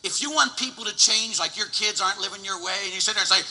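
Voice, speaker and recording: A priest in his forties preaching a lively sermon, swinging from loud exclamations to hushed storytelling. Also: high voice, fast, few pauses. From Pittsburgh, USA. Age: 40s. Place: church. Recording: long church reverb.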